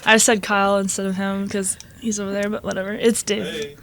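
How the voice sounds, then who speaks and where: A woman's voice: mid-range voice, little pitch movement, fairly quick, a bit bright, slight background noise. A young woman chatting with a friend and stumbling while reading a story aloud, laughing and swearing. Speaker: co-host. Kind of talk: casual chat and reading aloud.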